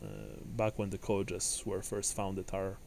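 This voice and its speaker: A man voicing a solemn male city official who speaks in a measured, formal and grave way. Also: low-pitched, little pitch movement, a little mellow, slight background noise.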